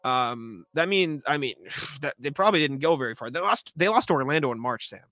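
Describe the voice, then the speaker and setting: A young man co-hosting a sports podcast, ranting sarcastically and clearing his throat often. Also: fairly high pitch, expressive, a little fast, sharp tone, no room sound. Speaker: podcast co-host.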